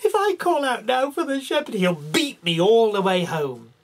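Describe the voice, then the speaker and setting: A man doing a squeaky, scared little lamb. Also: lively intonation, moderate pace, full character voice. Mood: frightened. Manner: squeaky and panicky. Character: small frightened boy lamb, lost.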